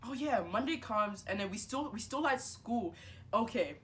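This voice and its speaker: A woman's voice: fairly high pitch, moderate pace. Chatty young woman telling a story. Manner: animated, filler-heavy, acts out dialogue. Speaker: vlogger. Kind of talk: casual storytime monologue.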